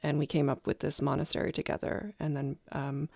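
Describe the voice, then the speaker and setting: A Canadian woman, a game master, chatting casually with many ums and pauses. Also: sits low, completely flat delivery, vocal fry, a little mellow, dry recording, studio quality. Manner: hesitant, many ums, laughs often. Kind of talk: casual podcast chat.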